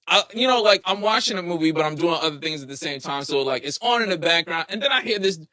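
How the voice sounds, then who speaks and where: A man co-hosting a podcast, giving a casual, joking movie recap full of slang and quick laughs. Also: on the high side. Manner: animated storyteller, slangy, laughs often. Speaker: podcast co-host.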